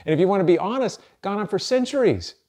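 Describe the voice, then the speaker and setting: A man's voice: high voice, animated, quick pace, a little mellow. A middle-aged man preaching a sermon as a pastor, earnest and conversational, often restarting his sentences.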